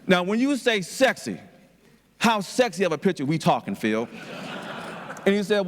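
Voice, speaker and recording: Man, conference speaker, storytelling, animated, conversational, long hall reverb. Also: a little high, moderate pace. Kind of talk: storytelling keynote.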